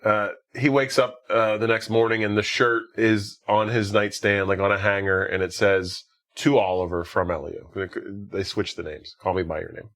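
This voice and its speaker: A man's voice: on the low side, flat delivery, moderate pace, fairly bright tone. A man hosting a podcast, casually retelling a film's scenes with frequent "like" fillers and laughs. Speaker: podcast host. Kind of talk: casual movie recap chat.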